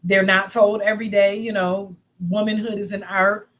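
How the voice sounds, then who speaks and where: A woman's voice: mid-range voice, normal speed, low-quality recording. A woman in her fifties, a guest author, telling stories in casual chat with lots of laughter and "y'all". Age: 50s. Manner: lively, laughing, says y'all often.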